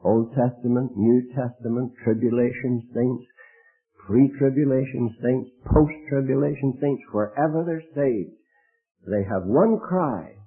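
A man preaching a sermon, emphatic and rising to loud, high exclamations. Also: measured pace, slightly rough. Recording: tinny phone-like radio broadcast.

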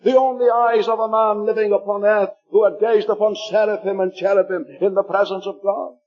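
A man from Liverpool, England, with a Liverpool accent, preaching a fervent sermon and slowing down to read scripture aloud. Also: sits high, level tone, dull audio.

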